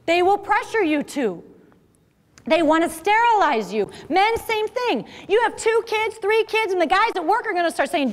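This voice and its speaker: Middle-aged woman lecturing teens, high voice, preachy and emphatic, big echoey hall. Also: animated, normal speed. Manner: emphatic, preachy, rhetorical questions. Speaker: speaker. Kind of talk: chastity talk to young audience.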